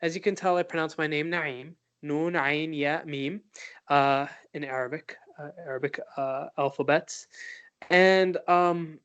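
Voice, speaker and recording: Man, podcast co-host, casual chat, slightly high pitch, halting and reflective. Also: fairly even intonation, fairly bright tone, clear, resonant tone, highs cut off. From United States. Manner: thoughtful, halting with many fillers and restarts.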